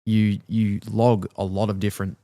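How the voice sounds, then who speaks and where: A man's voice: fairly low pitch, flat delivery, normal speed, mellow. An Australian man in his thirties, a father telling laid-back stories about his kids in casual podcast chat, playfully mimicking them.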